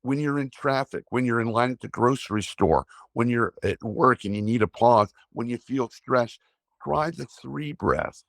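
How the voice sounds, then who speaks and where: A man, an energy healer, calmly guiding a breathing exercise and explaining it in a slow, steady way. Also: mid-range voice, creaky, dry recording, studio quality. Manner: slow, calm guiding with drawn-out pauses. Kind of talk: guided breathing instruction and talk.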